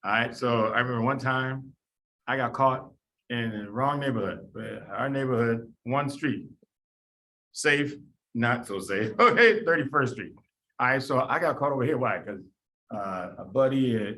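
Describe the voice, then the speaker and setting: A man from Chicago's south side lectures in a loose, conversational way, drifting into stories and acting out the people in them. His voice is bright and clear, at a middling pitch. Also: moderate pace, slight background noise. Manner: conversational, storytelling, acts out quoted people. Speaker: medical lecturer. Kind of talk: casual classroom lecture.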